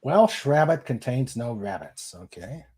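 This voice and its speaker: Slow-talking man hosting a stream. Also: mid-range voice, big pitch swings, dark tone, slightly rough. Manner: unhurried, chatty, laughs at jokes. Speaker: livestream host. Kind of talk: casual chat, reading viewer comments aloud.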